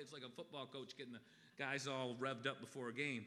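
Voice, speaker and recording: A man's voice: medium pitch, little pitch movement, a little fast, pushed and bright. A middle-aged man preaching a sermon as a pastor in a folksy, conversational way. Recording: long reverb in a hall.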